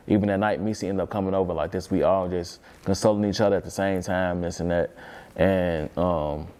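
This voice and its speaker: Man, low voice, interview guest, casual storytelling, rambling, repetitive, profane. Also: warm tone. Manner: rambling, repetitive, swears freely.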